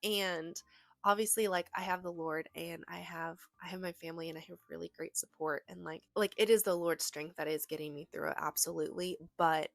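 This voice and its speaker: A woman's voice: fairly low pitch, steady tone, fairly quick, creaky, dry recording. A young woman in casual chat about books she read, talking in a gushing, rambling way with many fillers and restarts, from her bedroom. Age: young adult. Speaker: book vlogger.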